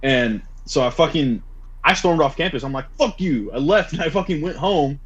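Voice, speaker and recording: A young man co-hosting a podcast, telling stories in a casual, profane, animated way. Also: a little high, slightly rough. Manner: rapid, profane, animated storytelling. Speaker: podcast co-host. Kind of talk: casual storytelling chat. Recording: dull lo-fi sound.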